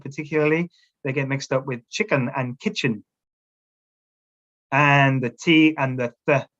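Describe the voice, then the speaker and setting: A man's voice: a little high, a bit bright, dull audio. A man leading a teacher-training webinar, giving instructions in a coaching tone and often checking in with his listeners. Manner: coaching tone, keeps checking in with "all right?". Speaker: teacher trainer presenting a workshop. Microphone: video call camera setup.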